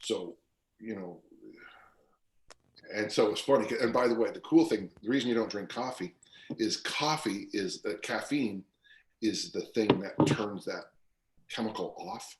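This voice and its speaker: On a casual podcast interview with a roomy echo and slight background noise, a man in his sixties who coaches strength rambles through stories, restarting often and leaning on fillers. He has a fairly low pitch, a measured pace and frequent pauses.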